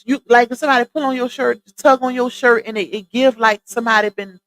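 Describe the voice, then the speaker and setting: A woman's voice: on the high side, fairly even intonation, fast, a bit bright, no echo, rough recording. Chatty Southern woman hosting a live stream. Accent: Southern US, Louisiana. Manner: chatty, talks straight to her viewers. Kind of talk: casual chat. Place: home streaming setup. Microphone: side-mounted boom arm mic.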